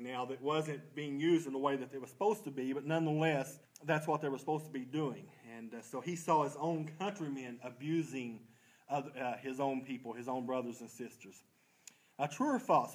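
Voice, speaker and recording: A man's voice: a little high, poor audio. A man leading a church Bible study, folksy and self-deprecating, quizzing the class and answering his own questions.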